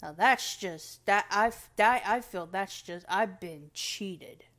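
A woman's voice: mid-range voice, takes it slowly, fairly bright tone. A woman reviewing sodas in a rambling, self-correcting casual monologue, her words a little slurred. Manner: rambling, restarts often, talks to herself; slightly slurred. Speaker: soda review vlogger.

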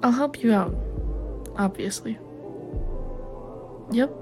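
A young woman acting out a caring partner in an audio role-play, talking gently and reassuringly with light teasing. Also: on the high side, takes it slowly, over music. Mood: gentle.

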